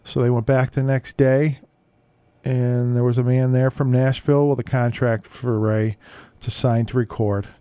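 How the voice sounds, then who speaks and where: A man hosting a radio music show, telling stories between records in a relaxed, halting way with many fillers. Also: medium pitch, smooth, no echo.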